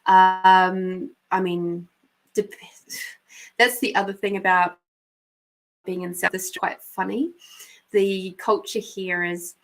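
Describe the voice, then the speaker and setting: A woman from New Zealand with a New Zealand accent, hosting a live stream and chatting casually with viewers, unhurried and quick to laugh. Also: mid-range voice. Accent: New Zealand, softened by years in South Australia. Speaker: podcast host and intuitive reader.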